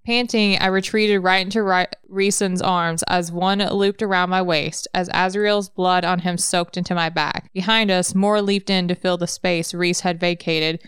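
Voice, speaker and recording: Smooth-voiced woman reading a novel aloud. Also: fairly low pitch, fairly even intonation, unhurried, few pauses, a bit bright, dry recording, clean studio sound. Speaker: reader.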